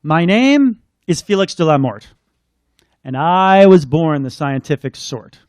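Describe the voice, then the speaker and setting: A man's voice: fairly high pitch, expressive, a little slow, darkish tone, dry recording. A man voicing a mournful, scholarly male ghost in a picture book he reads aloud. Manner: mournful, wailing.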